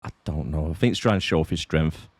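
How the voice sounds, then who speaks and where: A man's voice: a bass voice, fast, no echo. A man co-hosting a podcast, chatting casually with laid-back, dry remarks. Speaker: podcast co-host. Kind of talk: casual chat.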